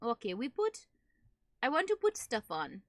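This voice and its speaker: A woman's voice: a little high, huge pitch swings, a little slow, no room sound, clean studio sound, full character voice. A woman doing a mock German accent. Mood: deadpan playful. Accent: put-on German. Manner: clipped broken grammar, drops articles. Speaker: streamer. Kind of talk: playful put-on voice while streaming.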